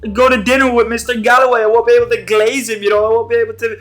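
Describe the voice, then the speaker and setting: A man's voice: very high-pitched, flat delivery, rapid-fire, a bit bright, voice pushed up. Man doing a whiny, complaining father. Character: whining, complaining middle-aged father.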